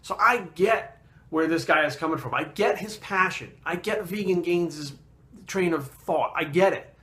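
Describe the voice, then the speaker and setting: A man, a fitness trainer, telling a story in a casual vlog, blunt and animated and swearing constantly. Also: fairly high pitch, unhurried.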